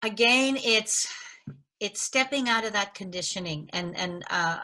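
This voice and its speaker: A woman guest coach in an interview, affirming and speaking with halting restarts. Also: medium pitch, sharp tone, low-quality recording. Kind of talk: casual interview chat.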